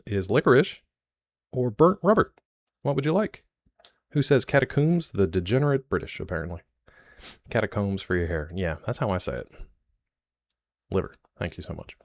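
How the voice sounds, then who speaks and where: Low-voiced guy streaming live, jokey rambling chat, dry close sound. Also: no room sound.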